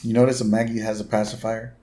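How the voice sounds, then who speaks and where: A man's voice: lowish voice, flat delivery, fast talker, warm tone. A man co-hosting a podcast, casually retelling a cartoon episode and adding wry asides. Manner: wry asides, adds commentary to the plot. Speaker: podcast co-host.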